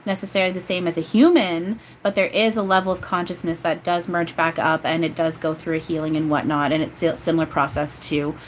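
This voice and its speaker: Rambling, emotional woman channeler, low voice. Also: fairly even intonation, brisk, few pauses, a little hiss or hum, poor audio. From grew up Catholic. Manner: rambling, emotional, many restarts. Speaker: spiritual channeler doing live readings. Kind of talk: live-stream chat and channeling.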